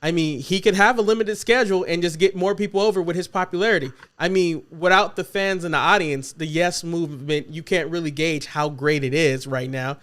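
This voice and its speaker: A man with a high, bright voice hosts a casual podcast chat over a remote call. He jokes and teases his co-hosts, and his talk is animated. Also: a little fast, few pauses. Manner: joking, animated and teasing. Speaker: podcast host.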